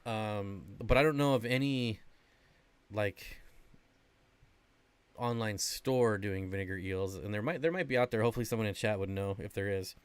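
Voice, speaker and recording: A man with a fairly low voice hosts an aquarium livestream at a moderate pace, leaving long pauses. He chats casually, answers viewer questions, and rambles with plenty of fillers. His voice is smooth, with no room sound.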